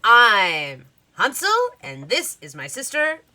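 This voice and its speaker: A woman's voice: mid-range voice, big pitch swings, slow, bright, forceful tone, exaggerated voice. A woman voicing a chipper, eager young boy in a tabletop game.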